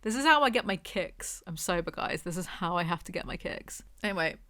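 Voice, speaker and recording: A woman's voice: lowish voice, lively intonation, a little fast, bright, forceful tone, dry recording, clean studio sound. A British woman giving a casual book review from a hotel room, chatty and rambling, with sarcastic asides.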